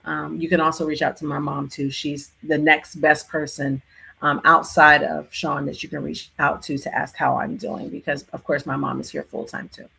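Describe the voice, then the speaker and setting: A woman with a low, gravelly voice and a husky, breathy edge chats casually on a livestream. She speaks affectionately and repeats loving words to her viewers. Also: flat delivery, normal speed, bright, forceful tone. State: tearful near the end. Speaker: livestream host. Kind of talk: casual live Q&A chat.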